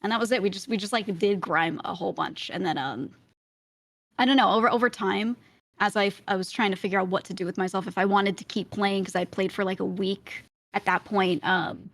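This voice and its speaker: A woman guest on a podcast tells a long story in casual chat, laughing quickly and often. Her mid-range voice stays steady, and there's no room sound.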